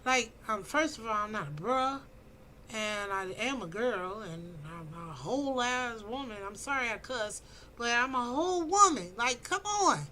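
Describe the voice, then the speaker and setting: A woman's voice: a little high, animated, a little slow, sharp tone, a little hiss or hum, low-quality recording. A woman in her fifties talking bluntly and preachily into her phone about dating, with emphatic outbursts. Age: 50s. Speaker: vlogger giving dating advice. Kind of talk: casual opinionated monologue.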